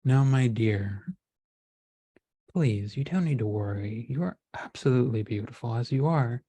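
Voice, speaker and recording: A woman voicing a smooth, self-absorbed man whose sweet, condescending words carry hidden venom. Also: mid-range voice, moderate pace, dark tone. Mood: honeyed, patronizing.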